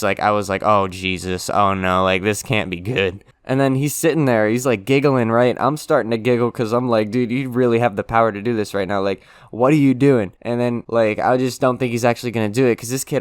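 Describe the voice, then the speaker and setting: A man's voice: fairly low pitch, smooth, dry recording, clean studio sound. A young man telling a school story to his channel in a loose, casual way, full of "like" and "right?" and some swearing. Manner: laid-back, swears, says "like" and "right?" often.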